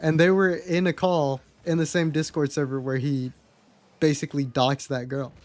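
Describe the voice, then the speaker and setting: Streaming live, this young man speaks at a normal speed in a slightly high, a little mellow voice with little pitch movement. He shares candid, chatty stories about his life with his chat, cursing freely.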